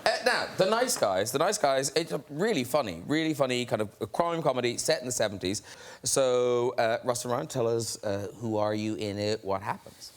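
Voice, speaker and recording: A man's voice: medium pitch, expressive, normal speed. A man hosting a chat show, asking guests questions in a playful, teasing way. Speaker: talk show host. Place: TV studio with a live audience.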